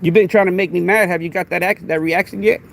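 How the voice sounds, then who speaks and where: A podcast host with a Texan accent, confronting a commenter on a live stream and asking one rhetorical question after another. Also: male voice, sits high, steady tone, quick pace, gravelly, a little hiss or hum.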